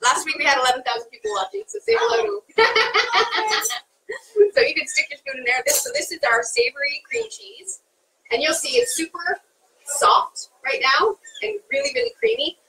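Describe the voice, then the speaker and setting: A woman's voice: very high voice, big pitch swings, normal speed, noisy background. A woman chef talking chattily through a live cooking demonstration in a kitchen, laughing often.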